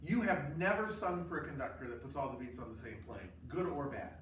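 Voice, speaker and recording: A man's voice: medium pitch, very animated, a little fast, slight background noise. A man teaching a choral conducting class, lecturing emphatically with sarcastic asides. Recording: echoey room, distant mic.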